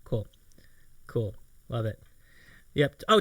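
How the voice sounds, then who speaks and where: A man's voice: mid-range voice, takes it slowly, a bit bright, dry recording. A man hosting a casual interview chat, upbeat and self-mocking, laughing often. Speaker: talk show host.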